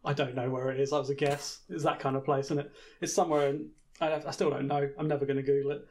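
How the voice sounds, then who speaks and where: A man's voice: mid-range voice, level tone, fast talker, darkish tone, a little hiss or hum. A man co-hosting a podcast, chatting casually and dryly reading from his notes, often stammering and laughing along. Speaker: podcast co-host. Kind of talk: casual comedic chat, recapping from notes.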